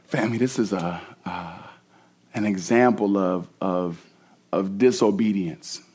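A man's voice: low voice, unhurried, a little mellow, breathy edge. A man preaching a sermon as pastor, reading scripture and then speaking animatedly, restarting phrases and acting out quotes.

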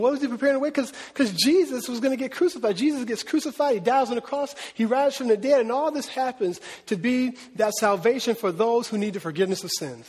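A man's voice: very high-pitched, quick pace, few pauses, a little mellow, breathy edge, big-room sound. A man preaching a sermon as a pastor, talking in a conversational way and often asking his listeners questions. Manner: conversational, asks the audience questions.

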